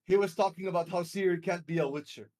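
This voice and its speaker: A young man streaming, chatting casually with friends, telling a story loudly with lots of laughing and swearing. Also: high-pitched, fairly even intonation, fast talker. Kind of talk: casual chat.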